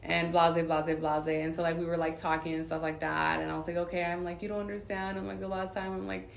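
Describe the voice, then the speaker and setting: A woman's voice: on the low side, little pitch movement, fast, vocal fry, slight background noise. A woman from Southern California telling a personal story in casual, rambling talk, full of filler words. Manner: rambling, filler-heavy retelling. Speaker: vlogger. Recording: roomy echo.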